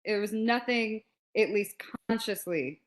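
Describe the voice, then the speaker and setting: Woman, 40s, guest on a talk podcast, mid-pitched, animated storyteller who voices the people she quotes. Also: measured pace. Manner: animated, laughs often, acts out quotes. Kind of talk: casual storytelling.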